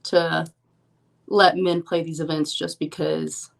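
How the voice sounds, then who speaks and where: Chatty young woman, low-ish voice. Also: little pitch movement, slow pace, gravelly. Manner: chatty storyteller, lots of "like" and "um". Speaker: professional poker player, podcast guest. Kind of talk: casual interview chat.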